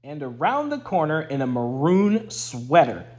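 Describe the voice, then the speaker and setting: A young man, an Air Force veteran, casually telling a story in a playful, animated way. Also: a little slow. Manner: animated, playful, pitch jumps up for quoted voices.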